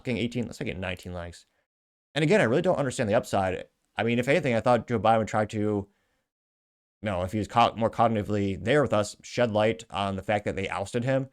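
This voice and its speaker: A man's voice: on the low side, fast. Sarcastic male commentary host. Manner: sarcastic, reads out comments aloud. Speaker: show host. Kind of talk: casual political commentary.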